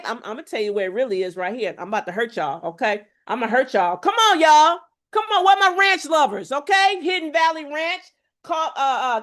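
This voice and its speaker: High-pitched woman, emphatic and preachy. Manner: emphatic, preachy, calls to the audience with repeated "y'all" and "okay?"; animated, shifts between loud exclamations and low asides. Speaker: health coach. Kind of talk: energetic motivational lecture.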